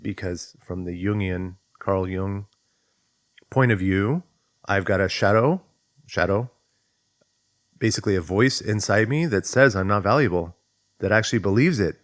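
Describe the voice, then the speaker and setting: Low-voiced man, thoughtful and dry. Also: a little slow, pauses often, dry recording. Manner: thoughtful, conversational, digs into questions aloud; acts out inner voices in quotes. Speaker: self-development teacher. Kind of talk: reflective explanatory monologue.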